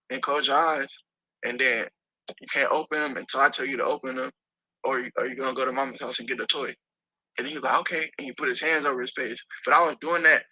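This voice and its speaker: A man telling a story as an interview guest, animated and profane, acting out the voices of the people in it. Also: medium pitch, slightly rough, poor audio.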